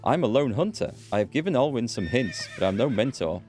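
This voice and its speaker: A man's voice: mid-range voice, expressive, a little fast, darkish tone, faint music behind, pitched above the performer's own voice, lightly acted. A man reading out Gisela, a stern lone huntress. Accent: British. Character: stern lone female hunter, proud and unsmiling.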